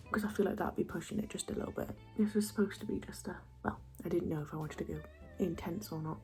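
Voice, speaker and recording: Speaking at medium pitch, a young woman talks her way through a makeup routine as a beauty vlogger. She's soft, often half-whispering, chatty, and pokes fun at herself.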